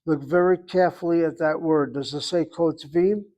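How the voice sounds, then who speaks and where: A man's voice: a little high, fairly even intonation, mellow, poor audio. A man teaching an online Hebrew class, correcting students precisely and spelling out syllables carefully. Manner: over-articulates words slowly.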